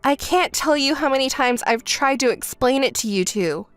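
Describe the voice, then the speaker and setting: A woman's voice: sits high, expressive, normal speed, fairly bright tone, dry recording, soft background music. A woman doing a dry, sarcastic level-headed sister. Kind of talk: texting story voice-over.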